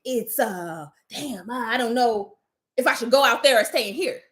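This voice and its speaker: A woman's voice: a little high, normal speed. A woman telling a story in casual chat, swearing freely and acting out what people said. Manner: animated, swears freely, acts out quoted lines.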